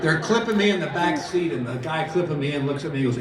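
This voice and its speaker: A man doing stand-up comedy, telling a story in an animated, drawling way to a large casino theater crowd. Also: fairly high pitch, fast talker, recorded from a distance, background noise. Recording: echoey theater, mic heard from afar. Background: audience laughter.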